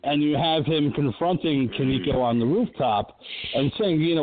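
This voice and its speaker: A man co-hosting a casual horror film podcast, retelling scenes with animated energy and swearing. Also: on the high side, normal speed. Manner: animated retelling, acts out quotes. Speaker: podcast co-host. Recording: phone-like, narrow sound.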